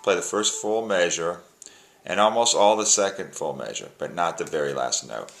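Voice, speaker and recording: A man's voice: deep voice, normal speed, vocal fry, a bit bright, faint music behind. A man giving a casual instrument lesson, counting beats aloud and breaking the tune into phrases. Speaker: music teacher. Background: plucked string instrument playing.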